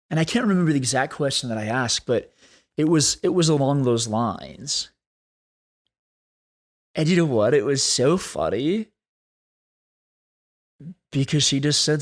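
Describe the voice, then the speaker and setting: A man hosting a solo podcast, talking in an earnest, thoughtful way and slowing down to stress key points. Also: mid-range voice, animated. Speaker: podcast host. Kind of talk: reflective solo podcast talk.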